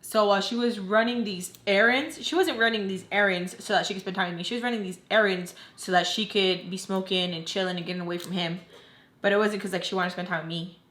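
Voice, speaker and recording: A woman's voice: medium pitch, fairly even intonation, quick pace, a bit bright. A young adult woman vlogger telling a personal story in a candid, emotional way, with lots of "like". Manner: candid, heavy use of "like". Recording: roomy echo.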